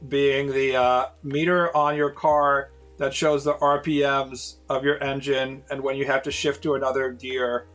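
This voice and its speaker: A man's voice: mid-range voice, fairly bright tone. A man in his late thirties, a streamer casually telling rambling, profane stories to his viewers with lots of fillers. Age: 30s.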